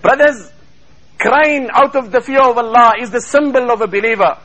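A man's voice: very high-pitched, moderate pace, sharp tone, rough recording. A man preaching a sermon in a mosque, fervently chanting Arabic verses between English passages, heard over a radio broadcast.

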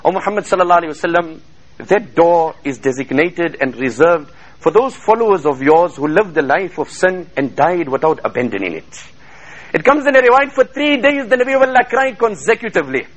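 A man preaching a fervent sermon to a congregation, quoting Arabic in rapid chanted bursts. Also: on the high side, very animated, poor audio. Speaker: Islamic preacher.

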